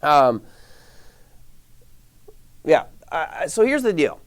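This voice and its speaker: A man leads a live online class, his voice bouncing up and down as he asks the audience rhetorical questions. He sits a little high in pitch and keeps a loose, conversational flow as he reads comments from the chat. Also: sing-song, very slow. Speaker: trading instructor. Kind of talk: live webinar teaching.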